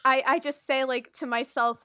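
Female player, giggly and unsure, slightly high, dry recording. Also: fairly even intonation, moderate pace, sharp tone, no echo. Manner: hesitant, giggly.

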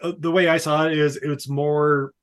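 Man, podcast co-host, casual movie recap, animated, swears, slightly high-pitched. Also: moderate pace. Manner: animated, swears a lot, jumps into silly character voices.

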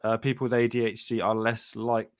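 A man co-hosting a podcast who explains things in a measured way and laughs easily. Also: medium pitch, little pitch movement, dry recording, studio quality. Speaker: podcast co-host, academic. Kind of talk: casual podcast chat.

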